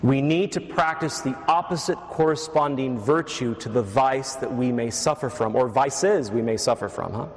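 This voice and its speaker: A man's voice: medium pitch, moderate pace, hardly any pauses. A man preaching a sermon as a priest, teaching steadily with wry asides to the congregation. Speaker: Catholic priest. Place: church. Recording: echoey church reverb.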